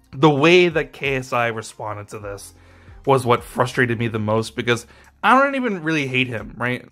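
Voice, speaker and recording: A man's voice: mid-range voice, fairly bright tone. Frustrated young man ranting, profane. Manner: frustrated, profane, rambling with fillers. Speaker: YouTube commentator. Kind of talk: ranting commentary.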